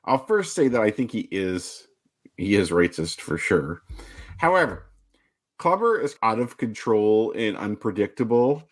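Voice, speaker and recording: A man's voice: lowish voice, sing-song, unhurried. A man co-hosting a casual podcast chat, arguing his point in long runs. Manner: argumentative, makes his case in long runs. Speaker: podcast co-host.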